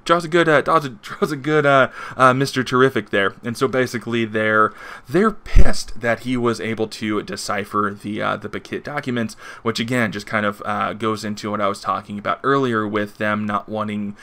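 A man's voice: lowish voice, steady tone, moderate pace, sharp tone. A man casually reviewing a comic book, rambling with lots of fillers and the odd chuckle.

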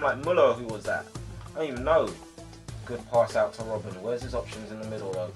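A young man giving live commentary on his own football video game match, excitable, yelling at his players and sighing in frustration. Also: on the low side, brisk, soft background music. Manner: excitable, shouts at players, swings to frustrated sighs. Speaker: gaming YouTuber.

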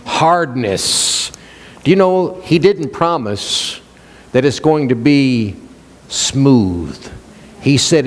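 A man's voice: mid-range voice, very animated, takes it slowly, big-room sound. A male pastor preaching a sermon, questioning the congregation and joking with them. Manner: playful, jokes and laughs.

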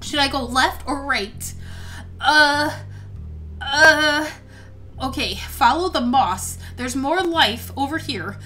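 A young woman playing a story game, reacting with excitable gasps and exclamations. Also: high-pitched, slow pace, faint music behind. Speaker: gaming YouTuber. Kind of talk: let's play commentary, reading story aloud.

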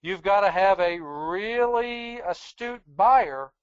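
A presenter giving a webinar lecture on sheep breeding in a measured, explanatory, plain-spoken way. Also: mid-range voice, animated, clear, resonant tone, dry recording, highs cut off.

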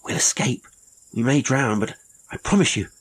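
Narrator doing a castaway man, eager, pleading, low husky voice. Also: expressive, moderate pace, poor audio. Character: lonely, impulsive English castaway man, earnest.

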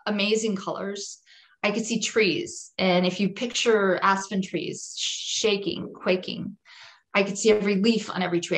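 A woman guest on a podcast, telling a personal testimony in an earnest, vivid way and repeating phrases for emphasis. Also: medium pitch. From Jewish home.

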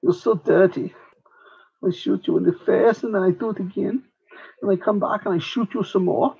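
A man's voice: high voice, moderate pace, vocal fry, a little mellow, breathy edge, highs cut off, voice pushed up, exaggerated voice. A man doing a taunting mock-German gunman. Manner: taunting, singsong. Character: gloating German gunman, cruel and silly.

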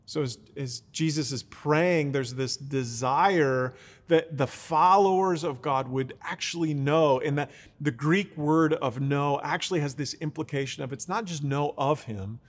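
A man's voice: fairly high pitch, a little slow, long reverb tail. A man preaching a teaching sermon in an earnest, explaining way, often restarting his words. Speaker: pastor.

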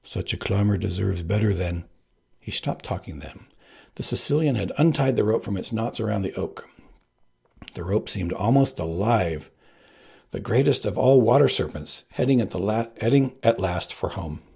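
A man reading a novel aloud in an expressive, animated way. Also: on the low side, normal speed, creaky, husky. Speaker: reader. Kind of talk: audiobook narration.

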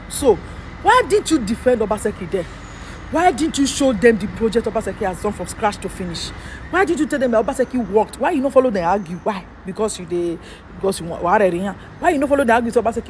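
A man's voice: high voice, slight background noise. A man from Edo State with a Nigerian Pidgin accent, delivering a fired-up political rant full of rhetorical questions as a vlogger.

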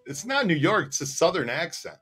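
A man co-hosting a relaxed livestream chat, with a voice sitting a bit higher than most men's. He tells stories animatedly and laughs often, with soft music faint in the background. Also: brisk, slightly rough. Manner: animated, laughing storyteller reading viewer comments. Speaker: co-host. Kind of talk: casual livestream chat and storytelling.

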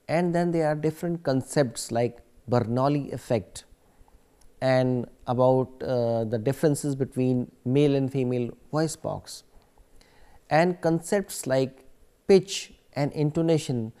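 A man's voice: medium pitch, unhurried, dark tone, clean tone. A man giving a recorded academic lecture, explaining steadily with occasional fillers.

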